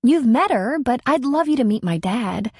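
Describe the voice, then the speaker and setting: A woman's voice: on the high side, animated, moderate pace, slightly rough, dry recording, clean studio sound, pitched above the performer's own voice. A woman reading as an eager young woman in love. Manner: eager, wistful.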